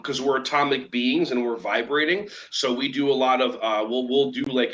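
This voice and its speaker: Animated man acting out little quotes. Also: a little high, a little fast, few pauses, lo-fi sound. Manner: acts out children's voices and quoted dialogue, emphatic. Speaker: guest speaker, children's yoga teacher. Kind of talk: animated conversational talk.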